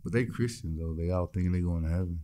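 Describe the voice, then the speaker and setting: A man's voice: sits low, quick pace, mellow. A man, a musician guest in an interview, telling his story bluntly and acting out the voices of the people in it. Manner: blunt, swears freely.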